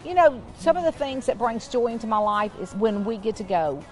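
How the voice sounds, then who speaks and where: A woman's voice: a little high, animated, fairly quick, a little mellow, soft background music. A woman co-hosting a casual Christian chat show with her husband, often breaking into giggles. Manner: giggly, keeps breaking into laughter. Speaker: co-host.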